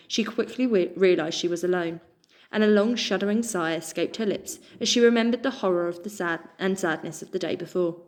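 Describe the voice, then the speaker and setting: A woman, reading a children's book aloud in a measured, expressive way. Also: mid-range voice. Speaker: storyteller.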